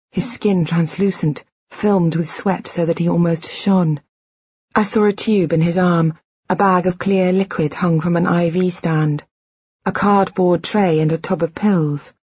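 A woman reading a first-person audiobook in a measured, reflective, quietly intimate way. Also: on the low side, steady tone, slightly rough, dry recording, lo-fi sound. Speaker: audiobook narrator.

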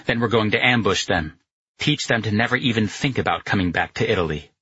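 Male narrator plays a battle-hardened teen fighter, quick and clipped, low and husky. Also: fairly bright tone, dry recording, dull audio. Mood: determined.

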